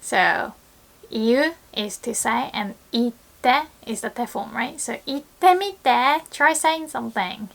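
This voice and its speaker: Young woman, teacher, measured delivery, playful laughs, bright acted-out quotes. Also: a little high, gravelly. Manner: laughs often, acts out lively quoted lines. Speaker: Japanese language teacher. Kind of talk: online language lesson.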